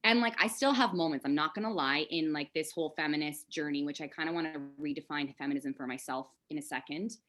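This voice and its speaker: A woman's voice: low voice, fast talker, few pauses, fairly bright tone. A woman as a podcast guest, talking candidly and with animation in casual conversation, swearing now and then.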